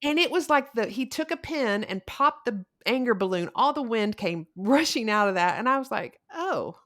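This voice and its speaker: A middle-aged woman, a couples counselor hosting a podcast, telling stories in a candid, animated way. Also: on the high side, normal speed. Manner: animated storyteller, candid and expressive. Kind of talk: casual conversational podcast.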